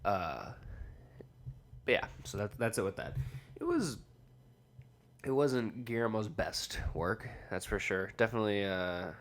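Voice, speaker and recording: Deep-voiced young man recapping a film. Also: expressive, measured pace, long pauses. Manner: rambling, slangy retelling with many fillers and offhand voiced quotes. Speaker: podcast host.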